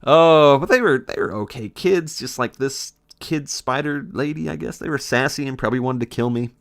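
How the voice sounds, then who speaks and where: A man's voice: mid-range voice, normal speed, no echo, clean studio sound. A man in his twenties, a game commentator telling a casual story in a sarcastic, profane way. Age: 20s.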